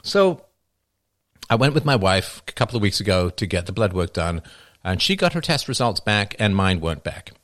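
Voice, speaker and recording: A man's voice: fairly low pitch, sing-song, normal speed, a bit bright, no echo, clean studio sound. A middle-aged man hosting a livestream, talking in a wry, rambling way while answering questions. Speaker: livestream host taking questions. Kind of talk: casual livestream monologue.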